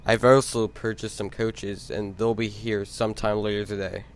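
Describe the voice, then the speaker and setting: A man playing a brisk railroad boss. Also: on the low side, flat delivery, smooth, lightly acted. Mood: businesslike. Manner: brisk, giving orders. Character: male railroad manager, businesslike boss.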